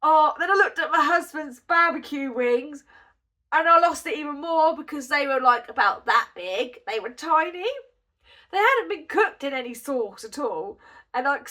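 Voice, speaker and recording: A woman's voice: high voice, fairly bright tone. A woman vlogger chatting casually and telling a rambling, giggly story, with a cough from a cold. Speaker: crochet vlogger.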